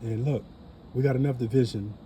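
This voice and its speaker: Earnest New man with a very dark voice. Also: medium pitch, fairly even intonation, a little fast, slight background noise. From New Orleans. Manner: earnest, motivational, repeats phrases. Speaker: family channel creator. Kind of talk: casual vlog talk to camera.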